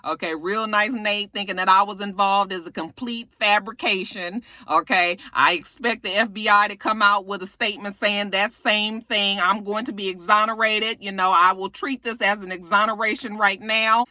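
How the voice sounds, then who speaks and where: A woman recapping a TV episode in casual, slangy, profane talk, breaking into shrill exasperated outbursts. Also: sharp tone, no room sound. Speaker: TV recap reviewer.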